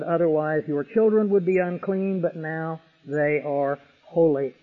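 A man's voice: a little high, fairly even intonation, measured pace, few pauses. A man preaching an expository sermon, emphatic, with vivid illustrations. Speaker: pastor. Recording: tinny radio broadcast with long reverb.

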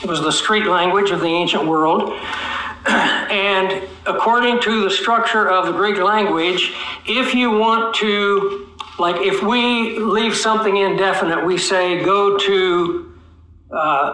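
A man with a high, bright voice preaches an expository sermon in a roomy church hall. He teaches as he goes, putting questions to the congregation and drawing out key words slowly for weight. The room rings with echo around him. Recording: echoey room.

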